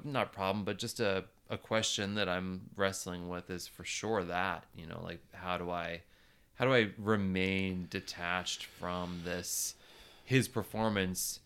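A man with a low, bright and crisp voice talks in loose conversation. He thinks aloud, doubles back, and slips into little quoted voices to make his point. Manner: reflective, acts out quoted voices. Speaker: podcast host. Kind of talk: casual conversation.

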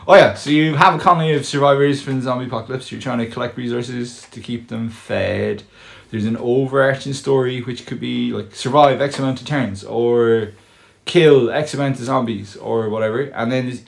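A man's voice: medium pitch, moderate pace, creaky. A man co-hosting a podcast, explaining a board game in rambling casual chat and swearing freely. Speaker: podcast co-host.

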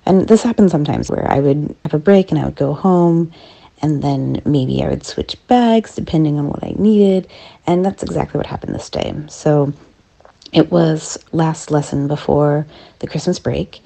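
Low gravelly woman recounting a story. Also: dark tone. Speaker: guest storyteller. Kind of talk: casual personal story.

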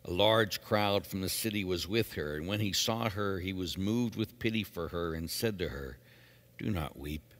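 A man, a priest, giving measured liturgical readings and an earnest homily in a church. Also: deep voice, fairly bright tone, in a large hall. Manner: measured, solemn reading, then earnest preaching.

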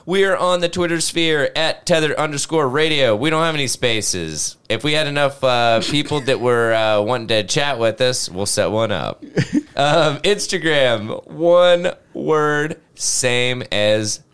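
A man's voice: medium pitch, unhurried, a bit bright, clean tone. A man co-hosting a podcast in casual chat, loose and rambling, swearing freely and laughing often. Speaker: podcast co-host.

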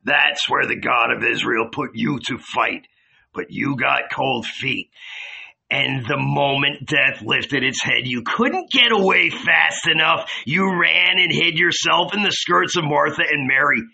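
A man reading an audiobook, voicing an enraged male disciple who shouts bitter, contemptuous accusations. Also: on the high side, measured pace, gravelly, husky, heavily acted. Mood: furious.

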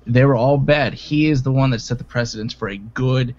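Male podcast co-host, terse dry interjections, dull low-fi mic. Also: brisk, a little mellow. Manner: short dry replies. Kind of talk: casual podcast chat. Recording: dull lo-fi sound with faint noise.

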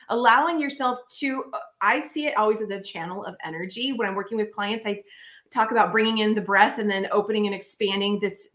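A woman's voice: mid-range voice, fairly bright tone. A woman hosting an interview podcast, speaking in a reflective, searching way with frequent restarts. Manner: thoughtful, searching, many restarts. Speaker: podcast host.

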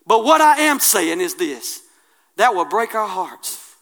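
A man preaching a sermon, colloquial and impassioned, swinging from hushed asides to loud declarations. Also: sits high, big pitch swings, measured pace.

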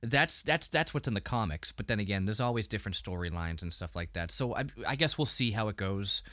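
A man's voice: lowish voice, expressive, a little fast, bright, forceful tone, no room sound, clean studio sound. A man co-hosting a casual podcast, recapping a TV episode with frequent fillers and restarts. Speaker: podcast co-host. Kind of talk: casual episode review chat.

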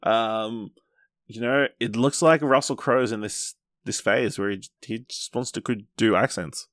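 Lowish voiced guy running a movie podcast, steady, reads trailer listings, dry close mic. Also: a little slow, dry recording. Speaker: podcast host. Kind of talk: reading trailer news and chatting.

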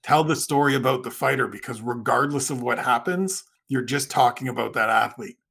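A man's voice: medium pitch, fairly quick, gravelly, fairly bright tone, husky. A man from Canada, a guest writer on a podcast, explaining things at length in casual chat and giving advice.

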